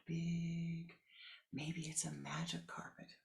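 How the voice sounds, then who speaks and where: A woman spiritual teacher telling a story in a meditation talk, slow, with whispered asides and repeated phrases. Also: low voice, gravelly.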